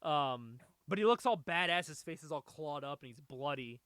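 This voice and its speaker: A man with a high, bright, sharp voice hosts a casual comic book chat. His pitch swoops up and down constantly as he talks. He laughs often and swears freely. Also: animated, normal speed, clear, resonant tone, no echo. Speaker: podcast host.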